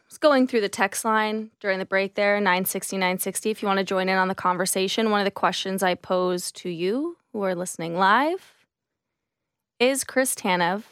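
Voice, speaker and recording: A woman hosting a sports radio show on a studio microphone, chatty and quick to laugh. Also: medium pitch, fairly bright tone, no room sound.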